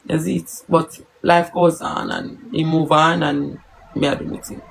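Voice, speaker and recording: A woman's voice: deep voice, very animated, a little slow, creaky, background noise. A woman with a Jamaican accent chatting casually on a live stream, answering viewers and telling stories in patois.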